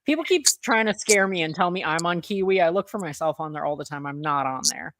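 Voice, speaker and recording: A woman with a lowish voice trades wry, teasing remarks in a group call. Her delivery is easy and dry. There is no room sound around her. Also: animated, quick pace, fairly bright tone, no echo. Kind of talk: casual group chat.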